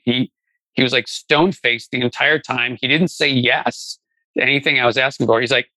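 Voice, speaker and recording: A middle-aged man recounts his working life as an interview guest, loose and conversational, often restarting his sentences. His tone is bright and pushing forward, at an ordinary middle pitch. The sound is dry, with almost no room around it. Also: fairly even intonation, moderate pace, no echo, poor audio. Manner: conversational, many fillers and restarts. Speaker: guest, venture investor. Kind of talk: casual storytelling interview.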